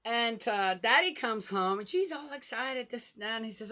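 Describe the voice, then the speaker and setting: An older woman, a grandmother, chatting casually and rambling through a story with many fillers, getting animated and exasperated. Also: on the high side, moderate pace, few pauses. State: flushed from a hot flash. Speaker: Bible reading podcaster. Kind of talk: casual chat.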